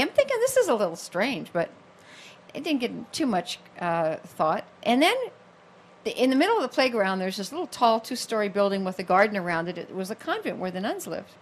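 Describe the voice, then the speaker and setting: A woman in her fifties, an author telling a personal story in an animated, expressive way, acting out the voices of people she quotes. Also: medium pitch, brisk, slight background noise. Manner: expressive, acts out quoted voices, many fillers.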